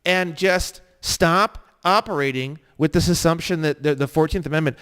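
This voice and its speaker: A man with a high-pitched voice lectures an online course. He swears freely and rants, sliding from quiet asides into loud, emphatic bursts. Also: normal speed, clean tone. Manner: swearing, ranting, swinging between low mutters and loud emphatic bursts. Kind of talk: heated profane lecture.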